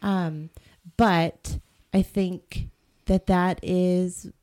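A woman's voice: fairly low pitch, flat delivery, very slow, darkish tone. A middle-aged woman from the Boston area co-hosting a podcast, chatting at length about the show's plans. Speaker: podcast co-host. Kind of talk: casual podcast chat.

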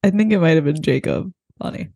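A woman playing a deadpan friend who answers in short, dry replies. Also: low-pitched, a little fast, creaky.

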